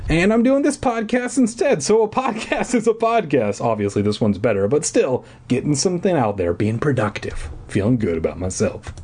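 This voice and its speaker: A man's voice: fairly high pitch, big pitch swings, moderate pace, hardly any pauses, darkish tone, slightly rough. A young man hosting a podcast, rambling casually with profane jokes. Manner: rambling, profane, joking asides. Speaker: podcast host. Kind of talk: comedic reading of a kids' book.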